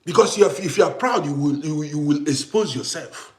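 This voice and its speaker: A man from Africa, host of a live stream, chatting casually with viewers and turning heated and loud as he answers a critic. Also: a little high, animated, normal speed, roomy sound. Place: home in Austria.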